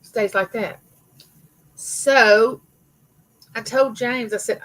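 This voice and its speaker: A woman's voice: on the high side, extremely slow, fairly bright tone, low-quality recording. A middle-aged woman hosting a casual live chat with her viewers, telling rambling personal stories. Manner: chatty, rambling storyteller, greets viewers by name. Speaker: livestream host.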